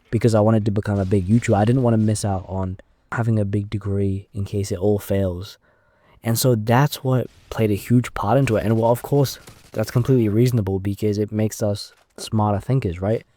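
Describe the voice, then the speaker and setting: A man's voice: on the low side, warm tone. A man in his twenties talking off the cuff in a casual, rambling monologue, recorded inside his car. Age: 20s. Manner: unscripted, rambling, thinking aloud. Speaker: YouTuber.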